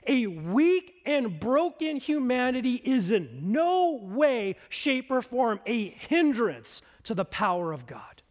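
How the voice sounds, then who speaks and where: A man preaching a sermon as pastor, slow and emphatic, dropping to a hush at times. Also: very high-pitched, very animated, in a large hall.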